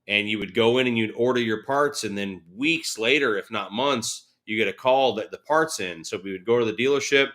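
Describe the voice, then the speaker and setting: A man in his forties, a guest chatting casually in an interview. His voice is bright and forceful. He tells lively stories and acts out the people in them. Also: lowish voice. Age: 40s. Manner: animated storyteller, laughing, acts out quotes.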